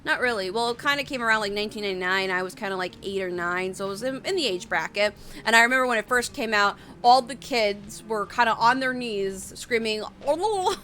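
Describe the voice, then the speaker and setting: A woman's voice: medium pitch, brisk, pushed and bright. A woman in her late twenties rambling casually on a live stream, reading out chat messages and answering them. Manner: rambling, chatty, reads chat aloud.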